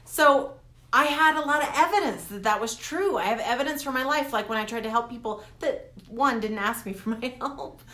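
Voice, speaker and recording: Bright, lively woman vlogging in an echoey room. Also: on the high side, moderate pace. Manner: animated, laughs often, talks to viewers directly. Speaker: coach vlogger. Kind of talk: casual motivational vlog.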